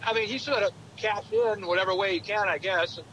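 A man co-hosting a talk show, chatting about politics in a halting way with many restarts. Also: high voice, fairly bright tone, slight background noise, low-quality recording.

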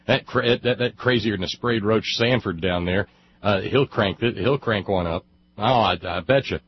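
A man hosts a talk radio show, his voice husky and a bit breathy, heard over slightly dull broadcast sound. He rants about politics with sarcastic scorn, doubling back on himself as he goes. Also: lowish voice, normal speed. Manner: sarcastic, scornful, rambling with restarts. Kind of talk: angry political commentary.

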